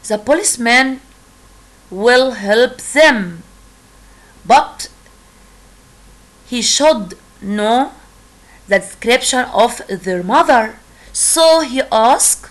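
High-voiced woman teaching children. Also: lively intonation, normal speed, long pauses, fairly bright tone. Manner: reads dialogue lines in a raised voice, then explains them in Arabic. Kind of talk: English lesson for children.

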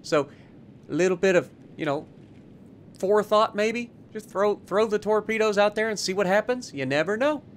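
A man's voice: sits high, expressive, normal speed, slight background noise. A man giving casual, sarcastic commentary over his own gameplay, chatting and teasing opponents as he explains his moves. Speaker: gaming YouTuber.

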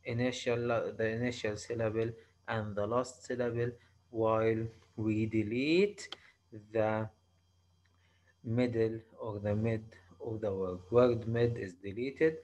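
A male university lecturer with an Arabic accent, explaining slowly in a halting way, often restarting and repeating himself. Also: on the low side, fairly even intonation, a little mellow, poor audio. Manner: slow, halting explanation with frequent restarts and repetitions. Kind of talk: recorded online lecture.

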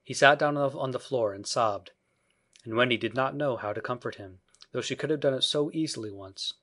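A man narrating a storybook in a measured, even way, with a voice pitched in the middle of the male range. It is read as a steady audiobook.

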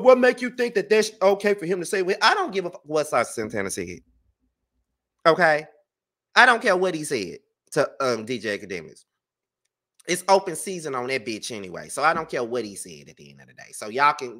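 A man's voice: a little high, bright, forceful tone. A male channel host giving a blunt, profane, emphatic commentary rant that keeps hammering the same points. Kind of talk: ranting commentary vlog.

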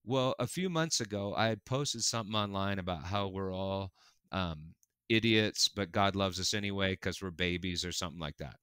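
A pastor telling stories with animated, earnest energy and frequent laughter. His lowish voice is bright and crisp. The sound is close and dry, with no room around it. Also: moderate pace, no room sound. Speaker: pastor and guest. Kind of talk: casual conversational storytelling.

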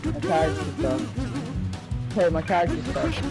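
A woman's voice: sits low, moderate pace, loud music behind the voice. A woman chatting casually and bluntly while playing a co-op game, swearing and crying out. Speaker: gamer playing co-op. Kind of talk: casual gameplay chat.

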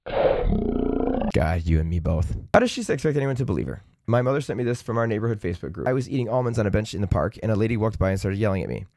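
A man hosting a comedy channel, reading Reddit posts aloud with sardonic, profane, deadpan asides. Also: lowish voice, quick pace, vocal fry, dry recording, studio quality. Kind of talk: sarcastic comedic commentary.

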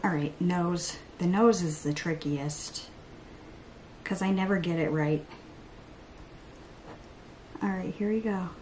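A young woman chatting through her makeup routine in a get-ready-with-me vlog at home, rambling, excitable and laughing at herself. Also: on the low side, slow pace, long pauses, a little hiss or hum. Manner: rambling and self-mocking, laughs often; excitable, hyper. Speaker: beauty vlogger.

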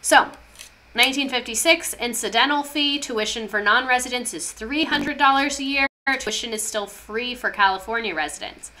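Brief: woman history vlogger, casual and passionate, irreverent, with a clear and bright voice. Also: a little high, moderate pace, slight background noise. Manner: irreverent, passionate, swears freely.

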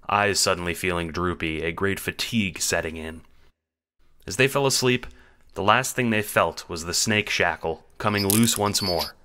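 A man reading the narration of an audio drama in a measured storytelling manner. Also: sits low, sharp tone.

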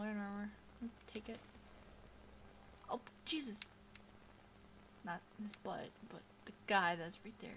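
A medium-pitched, fairly bright female voice comes through a home computer microphone with a little hiss or hum. The young woman offers casual, chatty gameplay commentary, easily distracted and heavy on fillers.

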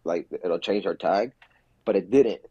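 Low-voiced guy on a podcast, swearing a lot and telling stories loose and slangy, dry close sound. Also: a little slow, warm tone, breathy edge, no room sound, highs cut off. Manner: profane, slangy, acts out quotes. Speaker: podcast guest, skater. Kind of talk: casual storytelling.

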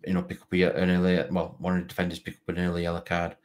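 A low-voiced man with a broad Barnsley Yorkshire accent hosts a football fan live stream. He chats casually, reads out viewers' comments and rambles, repeating words and leaning on fillers. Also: monotone, rapid-fire.

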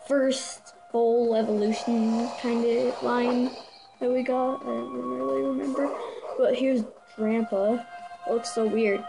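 A woman giving casual reaction commentary, excitable, stumbling over names and laughing at herself. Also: a little high, creaky, rough recording. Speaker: video creator.

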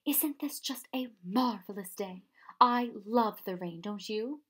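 A woman's voice: mid-range voice, measured pace, a bit bright, breathy edge. A woman voicing an eccentric, enthusiastic old male professor who blusters and exclaims in a storybook reading. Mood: cheerful. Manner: exuberant and blustering.

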